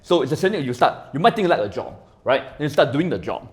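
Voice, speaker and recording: A man talking as a podcast guest in casual chat. He rambles, swears often and keeps asking "right?", swinging between loud and quiet. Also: a little high, sing-song, fast talker.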